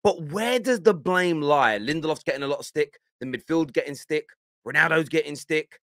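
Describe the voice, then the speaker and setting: A man hosts a football reaction show, laughing often as he reacts to clips. His voice is bright and lively, with a dry, close sound. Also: on the high side, moderate pace, dry recording. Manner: laughs often, animated and amused. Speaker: host. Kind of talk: reaction commentary.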